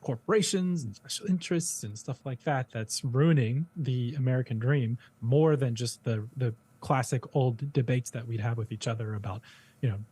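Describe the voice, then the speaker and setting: A man's voice: mid-range voice, moderate pace, dark tone, husky. A man co-hosting a live talk show, rambling casually and reading viewer comments aloud. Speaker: co-host reading viewer super chats. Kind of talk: casual live-stream chat.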